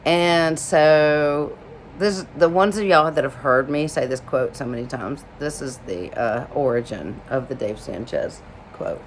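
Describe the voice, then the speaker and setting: A woman from Alabama tells a personal story to camera in an emotional, rambling way, full of "like" fillers. Her voice sits low for a woman. A faint hum runs behind her. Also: unhurried. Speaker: vlogger telling a personal story.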